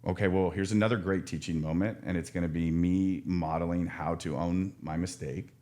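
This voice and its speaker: A man's voice: low voice, steady tone, fairly quick, darkish tone. A man working as an addiction counselor, talking frankly and earnestly in a casual podcast conversation, with many restarts and the odd swear word.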